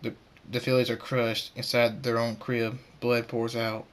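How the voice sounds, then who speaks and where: A man's voice: medium pitch, little pitch movement. A man narrating an amateur fan-fiction story aloud, stumbling and restarting words as he reads. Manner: halting, with stammers and restarts.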